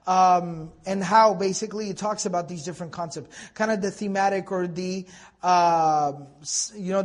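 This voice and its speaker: High-voiced man teaching Quran tafseer. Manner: conversational, asks rhetorical questions, recites Arabic verses. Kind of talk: tafseer lecture.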